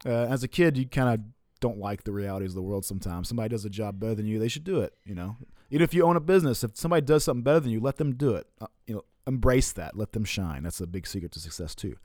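A man's voice: fairly low pitch, very fast, no echo. Man telling a story in a dry room. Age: adult, looking back on his college years. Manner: relaxed and profane, with frequent laughs and fillers. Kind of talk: casual personal storytelling.

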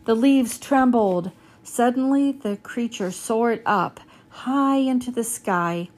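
A woman's voice: fairly high pitch, slow pace, darkish tone. Woman reading a children's book aloud. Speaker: reader.

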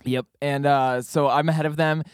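A man's voice: on the high side, moderate pace, clear, resonant tone, dry recording, studio quality. A young man co-hosting a podcast, telling a road story in casual chat, acting out what people said with lots of fillers. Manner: animated, acts out quoted voices, many fillers. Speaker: podcast co-host.

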